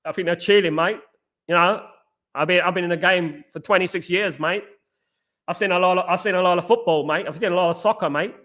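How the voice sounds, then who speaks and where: A man's voice: high-pitched, fairly quick, a bit bright. A man putting on a mock Australian accent, playing a laid-back male football manager who ends every sentence with "mate". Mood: boastful drawl. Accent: put-on Australian.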